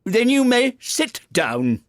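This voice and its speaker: Pompous king, bossy, impatient, raised high voice, lively pitch, storybook character. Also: slow, no echo, studio quality, full character voice. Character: pompous, blustering male king. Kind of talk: audiobook character voice.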